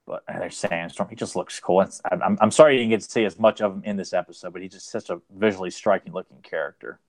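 A man's voice: sits low, fast talker, no echo, clean studio sound. A man co-hosting a podcast, chatting casually and enthusiastically about an old cartoon in a rambling way. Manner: enthusiastic, rambling fan talk. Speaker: podcast co-host.

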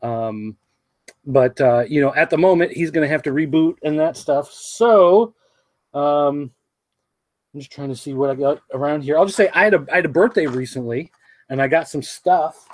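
A man's voice: fairly high pitch, moderate pace, no echo. A man producing a podcast, chatting casually on a livestream from a small control booth, rambling with many ums. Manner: rambling, with many fillers and restarts.

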